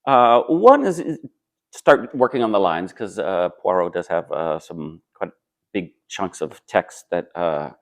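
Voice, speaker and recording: A man with a very low voice talks casually about stage work in an interview. He is thoughtful and halting, pausing on fillers and restarting his sentences as he answers. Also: expressive. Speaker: stage actor.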